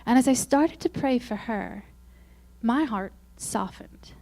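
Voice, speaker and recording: A woman speaking at a Christian women's conference, telling self-mocking, humorous stories and acting out quoted lines in a higher, louder voice. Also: lively intonation, slow pace. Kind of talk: faith-based conference talk.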